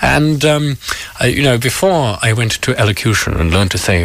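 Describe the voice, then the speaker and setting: Male morning radio host from England, posh broadcast delivery, bouncy pitch, chatty and jokey. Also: very animated, normal speed, fairly bright tone. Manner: chatty, jokey, reading out listener letters; says he puts on a posh radio voice. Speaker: radio presenter.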